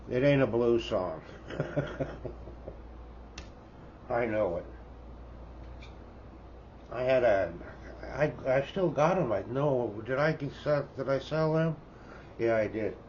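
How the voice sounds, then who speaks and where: Old canadian guy rambling slow about his stuff, says eh a lot, muffled lo-fi audio. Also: mid-range voice. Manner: rambling, folksy, tags remarks with "eh?". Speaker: record collector. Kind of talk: casual show-and-tell chat. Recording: dull lo-fi sound with faint background noise.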